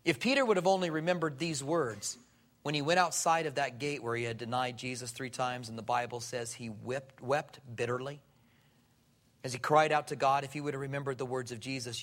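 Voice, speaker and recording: A male pastor preaching a sermon, animated and acting out the people he quotes. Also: mid-range voice. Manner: animated, acts out quoted voices.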